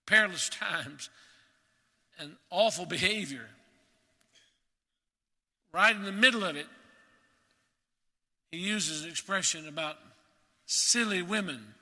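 Bright-voiced man preaching in a reverberant hall. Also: sits high. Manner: earnest, emphatic, slows to stress key words. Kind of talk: sermon.

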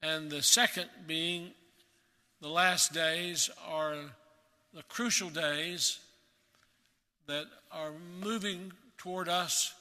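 A man preaching a sermon in a measured, emphatic way, repeating key words for weight. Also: a little high, fairly even intonation, pushed and bright, in a large hall.

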